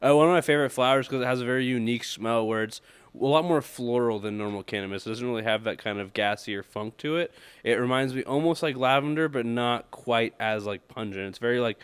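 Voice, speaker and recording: A man hosts a podcast, talking quickly and rambling with plenty of fillers. His voice sits at a middle pitch, and the sound is dry and close with no room around it. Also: steady tone, clean tone, no room sound. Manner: rambling product description with many fillers. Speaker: podcast host. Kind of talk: casual chat.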